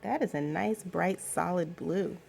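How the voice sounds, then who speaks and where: A woman's voice: on the low side, measured pace, gravelly, music in the background. A young woman vlogging at home in a casual, rambling chat with lots of fillers.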